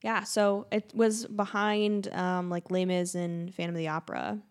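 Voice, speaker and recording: Chatty midwest gal co-hosting a podcast, lots of ums, easygoing chat. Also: female voice, fairly low pitch, little pitch movement, normal speed, clean tone. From Central Illinois, USA. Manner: chatty, with frequent fillers. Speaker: podcast co-host. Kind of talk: casual chat.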